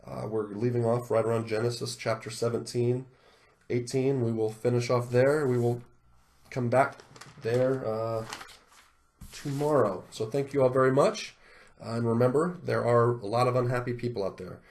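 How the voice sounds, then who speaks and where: Speaking at normal speed in a medium-pitched voice, a male video host reads scripture with solemn cadence. He then reacts to it with animated indignation.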